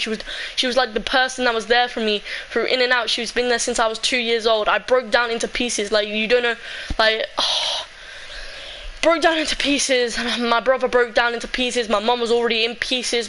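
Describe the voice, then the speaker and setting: A woman's voice: fairly high pitch, fairly bright tone, a little hiss or hum, low-quality recording. A young woman telling a personal story in a casual, emotional, rambling way, full of "like".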